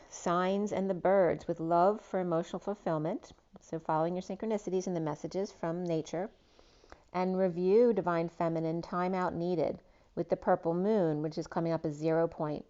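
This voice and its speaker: A woman with a lowish voice talks through a spiritual tarot reading. She drifts from image to image with ums and trailing asides. The recording sounds dull and lo-fi. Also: darkish tone. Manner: meandering, associative, with frequent ums and trailing asides. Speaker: tarot reader.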